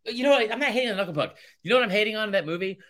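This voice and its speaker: A man co-hosting a podcast, chatting casually and ranking movies with blunt, animated opinions and some swearing. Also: high voice, very fast. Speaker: podcast co-host. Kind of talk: casual chat.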